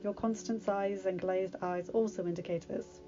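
A woman's voice: mid-range voice, steady tone, moderate pace, natural voice. A woman voicing a wry, teasing palace captain who gives a prince fatherly advice. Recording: dull lo-fi recording, faint music.

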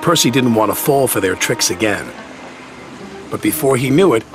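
A man narrating a children's train story in an animated storybook reading. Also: medium pitch, normal speed. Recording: music playing behind.

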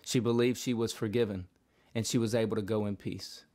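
A man's voice: on the low side, steady tone, brisk, darkish tone. A man giving a daily devotional Bible teaching in a vlog, speaking earnestly with repeated phrases and occasional restarts. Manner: earnest, repetitive preaching cadence with restarts. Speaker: vlogger preacher.

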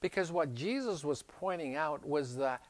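A man preaching a sermon as a pastor, animated and emphatic, moving between loud stresses and quiet asides as he tells a story and asks questions. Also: fairly high pitch, moderate pace, no room sound.

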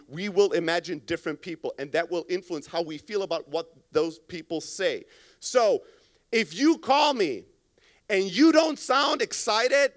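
High-voiced profane conference speaker. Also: male voice. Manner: profane, animated, acts out phone reactions. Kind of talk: energetic keynote talk. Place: conference stage. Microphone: stage microphone.

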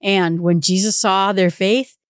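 A woman's voice: medium pitch, steady tone, measured pace, dry recording, clean studio sound. A woman giving an informal Bible study, explaining the passage conversationally with casual asides. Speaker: Bible teacher.

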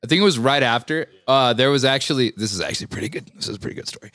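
A man's voice: mid-range voice, rapid-fire, fairly bright tone, no room sound. A man guesting on a podcast, telling a story in a laid-back, rambling way with fillers and swearing. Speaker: band member guest. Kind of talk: casual storytelling in interview.

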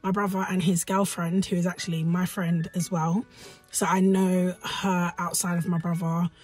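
A young woman, talking to camera in a lively, storytelling vlog. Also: lowish voice, normal speed, soft background music. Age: young adult. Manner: animated storytelling, exclaims often. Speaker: vlogger.

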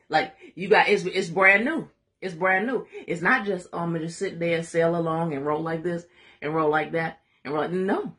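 Lady preaching at her bible study, lively, lots of call and response, pitch jumps all over, low-ish voice. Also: normal speed. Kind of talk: live-streamed Bible study teaching.

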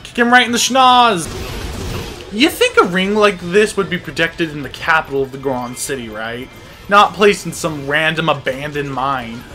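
An excitable, wisecracking gameplay commentator whose voice leaps around a wide, lively range. The delivery is casual and sarcastic, with frequent laughter. Faint game music plays underneath. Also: mid-range voice, moderate pace. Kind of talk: casual let's-play commentary.

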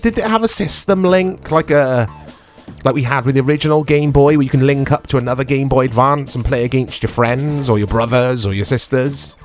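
A man talks through a retro racing game in a loose, rambling way, tacking "isn't it?" onto his thoughts and poking fun at his own driving. His voice sits at an ordinary middle pitch. Music plays clearly underneath him. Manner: rambling, self-deprecating, full of tag questions. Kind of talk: casual gameplay commentary. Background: background music.

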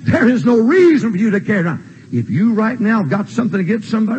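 An older man preaching a sermon in a church, emphatic and repetitive, with shouted refrains. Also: high voice, big pitch swings, quick pace, highs cut off, a little hiss or hum. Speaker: pastor. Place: church sanctuary.

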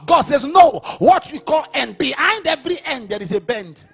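A man with a Nigerian accent preaching a sermon, swinging from quiet murmurs to loud shouting. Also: very high-pitched, very animated, moderate pace, creaky. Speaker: apostle preaching.

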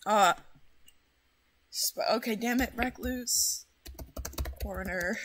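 A woman hosting a casual game stream, loud and excitable, swearing often and bossing her chat around. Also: on the high side, moderate pace, slight background noise. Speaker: streamer host.

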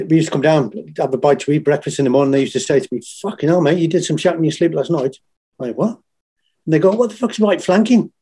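A man in his fifties with a Liverpool accent chats as an interview guest. His voice sits warm and mellow at a middling pitch. He tells stories bluntly, swearing freely and getting animated when he quotes other people. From England. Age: 50s. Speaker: interview guest, former Royal Marine and firefighter. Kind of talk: casual storytelling.

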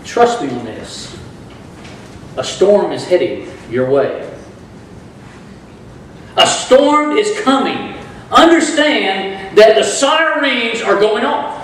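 A man's voice: high-pitched, very animated, takes it slowly, pauses often, a bit bright, a little hiss or hum. A man preaching a sermon as pastor, calling on the congregation to answer back and rising into bursts of emphasis. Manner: preaching with rising bursts and audience call-and-response. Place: church sanctuary. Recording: echoey church hall from far off.

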